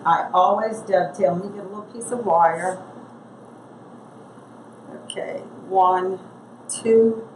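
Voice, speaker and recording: Lady with a gravelly voice, chatty craft how-to, echoey room with some noise. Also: medium pitch, fairly even intonation, takes it slowly, pauses often. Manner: chatty, thinks aloud while working. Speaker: craft tutorial host. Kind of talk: casual craft demonstration.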